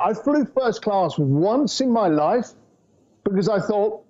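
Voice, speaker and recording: A middle-aged man from England, a guest entrepreneur telling anecdotes in an animated, storytelling way. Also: high voice, a little slow. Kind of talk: casual storytelling interview. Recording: muffled lo-fi audio.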